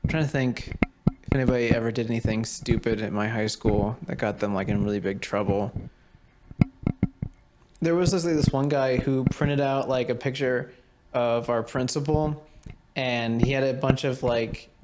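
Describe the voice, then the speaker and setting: A man's voice: medium pitch, normal speed, very noisy. A young man co-hosting a podcast, chatting casually and telling rambling stories with lots of fillers and laughter. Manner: rambling storyteller, many fillers, laughs often. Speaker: podcast co-host. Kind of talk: casual chat.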